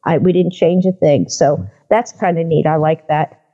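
A woman guest on a podcast, telling her experiences in a casual, animated way and acting out the people in her stories. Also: deep voice, moderate pace, dull audio. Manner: animated storyteller who acts out the people in her anecdotes. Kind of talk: casual storytelling interview.

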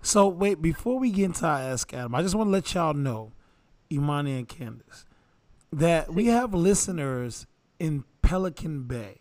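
A man co-hosting a casual podcast, animated and teasing as he reads listener questions. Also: fairly high pitch, moderate pace, no echo. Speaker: podcast co-host. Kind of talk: casual group chat.

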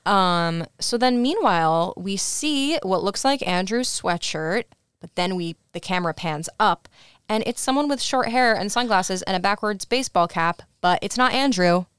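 A young woman co-hosting a podcast, chatting casually and recapping a movie with animated storytelling and lots of "like". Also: mid-range voice, normal speed, clean tone, dry recording, clean studio sound. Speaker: podcast co-host.

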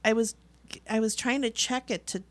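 A woman chatting casually, telling a story in an animated way with frequent laughter. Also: a little high, moderate pace. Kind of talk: casual chat.

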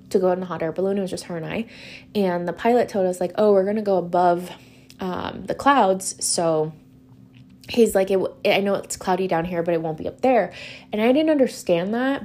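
A woman's voice: mid-range voice, darkish tone. A woman podcast host telling a story in a casual, chatty way, full of "like" fillers and loose swearing.

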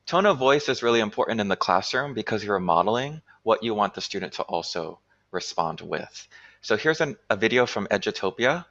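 A man presenting an online workshop for teachers, explaining clearly and checking in with "right?" often. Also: on the low side, lively intonation, a little fast, fairly bright tone, lo-fi sound. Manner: clear instructional talk with frequent "right?". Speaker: teacher trainer.

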